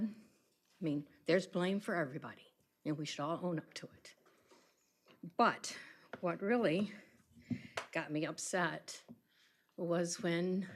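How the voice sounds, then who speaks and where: Lady resident at the podium, low-ish voice, earnest and plain talking. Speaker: resident speaking at public comment. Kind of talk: public comment at a government meeting.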